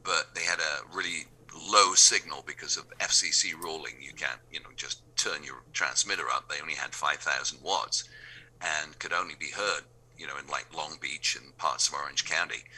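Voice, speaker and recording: A man's voice: very deep voice, moderate pace, sharp tone, breathy edge. A man with an English accent, a radio DJ telling anecdotes and acting out the dialogue of the people in them. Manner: acts out remembered dialogue in quoted voices. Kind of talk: anecdotal storytelling.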